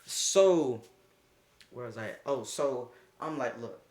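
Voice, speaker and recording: Animated young man telling a wild story. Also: slow. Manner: animated, laughing, with sudden high-pitched outbursts. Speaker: streamer. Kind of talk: casual storytime livestream.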